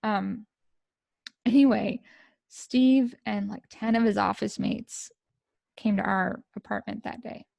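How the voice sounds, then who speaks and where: Middle-aged American woman, podcast guest. Gravelly, flat delivery, emotional and halting, dry close sound. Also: medium pitch, no echo. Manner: emotional, halting, many fillers and restarts. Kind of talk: personal storytelling.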